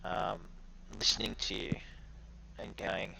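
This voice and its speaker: A man narrating as game master, halting with many fillers as he describes the scene. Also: on the low side, vocal fry, pushed and bright, poor audio.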